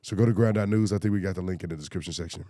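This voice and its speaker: A man's voice: low voice, racing, mellow, no room sound, clean studio sound. A man hosting a political commentary show, talking emphatically with repeated rhetorical questions while straining a voice he says he is losing.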